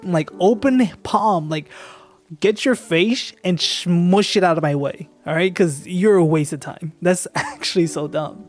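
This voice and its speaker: A woman with a notably low voice rants casually to her stream chat, swearing freely and checking in with "right?" after her points. She sounds blunt, exasperated and conversational. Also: expressive, moderate pace, a little mellow, faint music behind. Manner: profane ranting, keeps asking "right?". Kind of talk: casual live-stream commentary.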